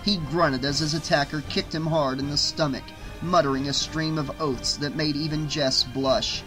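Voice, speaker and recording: A man reading a novel aloud as an audiobook narrator, at a steady, even pace. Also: on the high side, normal speed, over music, low-quality recording. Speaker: audiobook reader.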